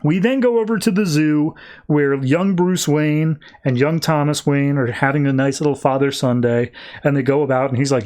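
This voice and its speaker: A man with a fairly high voice hosts a casual podcast recap. He rambles in slangy, loose sentences and slips into quick voices for the characters. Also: steady tone, a little mellow. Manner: rambling, slangy, acts out quotes. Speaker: podcast host. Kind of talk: casual comic book recap.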